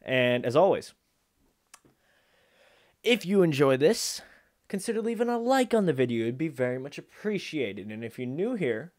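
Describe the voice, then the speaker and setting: A man's voice: a little high, very animated, normal speed, pauses often, a little mellow. Chatty, rambling young-sounding man. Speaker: video reactor. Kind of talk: casual chat to camera.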